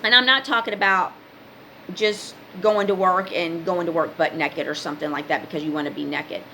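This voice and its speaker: A woman's voice: on the low side, fairly even intonation, a little fast, bright, forceful tone, slight background noise, poor audio. A woman talking casually to her viewers, giving spiritual advice in an emphatic, preachy way with many repeated commands. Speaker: spiritual advice vlogger and card reader.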